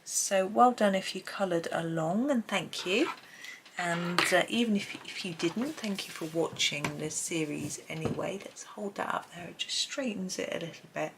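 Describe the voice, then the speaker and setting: A woman hosting a casual colouring tutorial at home, chatting and thinking aloud as she works, with frequent pauses and hesitations. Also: fairly low pitch, gravelly, noisy background. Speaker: colouring channel host. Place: home, at a desk with a tripod camera. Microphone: camera on a tripod.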